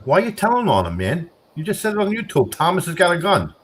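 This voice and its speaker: Loud mocking man ranting. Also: high-pitched, wildly swooping pitch, quick pace, slight background noise. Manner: loud, mocking, swears often, voice jumps up when ranting. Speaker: streamer reacting to chat. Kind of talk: casual profane banter.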